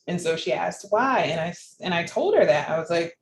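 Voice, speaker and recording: A woman's voice: lowish voice, normal speed. Woman guest chatting away animatedly, laughs a lot, roomy echo and a bit of hiss. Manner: animated, laughs often while telling the story. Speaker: interview guest. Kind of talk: personal storytelling in a conversation. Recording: echoey room with faint background noise.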